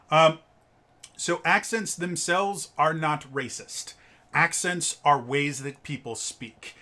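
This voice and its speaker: A man's voice: mid-range voice, bright, forceful tone. An American man reviewing a tabletop game in casual, rambling commentary, full of fillers and stammered restarts. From United States.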